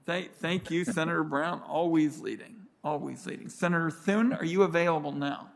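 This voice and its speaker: A man chairing a committee hearing, briskly calling on members in turn. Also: a little high, creaky. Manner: brisk, recognizing speakers in turn.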